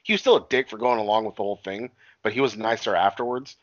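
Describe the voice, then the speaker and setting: A man's voice: lowish voice, fast talker, no echo. Man, casual movie recap, profane, rambling, dry dull recording. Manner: profane, rambling storytelling with acted-out quotes. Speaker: podcast co-host recapping a movie. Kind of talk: casual chat.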